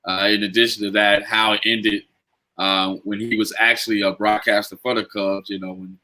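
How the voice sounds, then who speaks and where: A man's voice: on the low side, flat delivery, normal speed, pushed and bright, poor audio. A man on a sports talk show, speaking hesitantly with many fillers. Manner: hesitant, full of "uh" and "you know".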